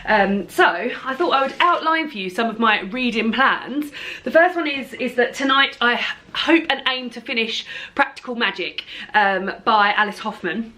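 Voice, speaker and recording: Animated and at normal speed, this young woman's fairly high voice comes across bright and forceful. Sitting indoors at home, she casually tells the camera about her reading plans as a book vlogger, giggling and chatting with frequent ums and restarts.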